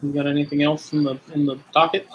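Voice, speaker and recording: A man's voice: on the high side, flat delivery, breathy edge, highs cut off. A man from the United States hosting a casual podcast chat, joking and asking questions. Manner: quick, joking, asks leading questions. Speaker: podcast host.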